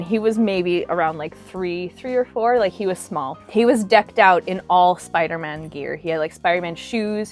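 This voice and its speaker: A young woman telling a cosplay story to camera in a bubbly, animated way, with lots of "like" fillers. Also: medium pitch. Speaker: cosplay vlogger.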